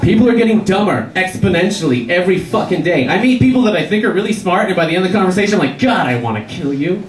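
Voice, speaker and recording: Stand-up comic, male, profane ranting delivery, somewhat high voice, taped from the back of an echoey club. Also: lively intonation, rapid-fire. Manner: profane, ranting, laughs at his own jokes. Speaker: stand-up comedian. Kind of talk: stand-up set at an open mic. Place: bar or club open mic night. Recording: echoey room recorded from far off.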